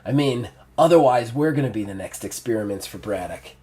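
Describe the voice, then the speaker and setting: A scheming female ocelot mutant, voiced by a man, cool and impatient. She talks down to her partner in a calm, dismissive way. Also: mid-range voice, a little fast, natural voice.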